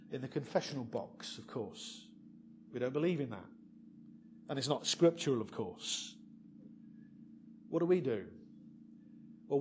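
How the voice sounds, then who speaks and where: A man preaching a sermon who asks the congregation rhetorical questions and builds from quiet asides to emphatic points. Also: mid-range voice, a little hiss or hum.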